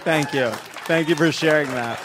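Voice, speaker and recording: A man's voice: fairly high pitch, normal speed, a crowd in the background, background noise. A man hosting a comedy podcast panel, dryly thanking guests and moving on between topics. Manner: wry, dry thank-yous. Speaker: podcast host.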